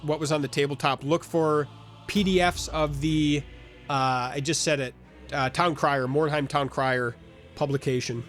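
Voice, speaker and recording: A man streaming a game live, chatting in a rambling way and reading viewer comments aloud. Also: fairly high pitch.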